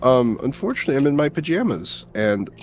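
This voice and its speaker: A man's voice: mid-range voice, sing-song, brisk, a little mellow, slight background noise, voice pushed up. A man putting on a choked-up, blustering adult male friend who blurts his words. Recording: dull lo-fi audio, faint music.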